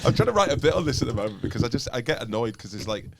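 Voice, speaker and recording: A man's voice: medium pitch, very fast, vocal fry. A man with a Liverpool accent, a podcast host and comedian telling stories in a casual chat, laughing often. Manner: storytelling, animated, laughs often.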